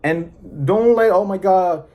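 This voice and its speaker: Earnest rambling man, fairly high voice. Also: measured pace, mellow. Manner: rambling, earnest, many fillers and restarts. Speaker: vlogger sharing personal experience. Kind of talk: casual personal talk to camera.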